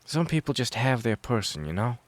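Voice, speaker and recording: A chatty young woman from a storybook, blunt and scheming, her voice lifting higher as she teases and swears with ease, put on by a male narrator. The sound is dry and close. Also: sing-song, brisk, dry recording, natural voice. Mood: sad. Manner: chatty, teasing, swears casually.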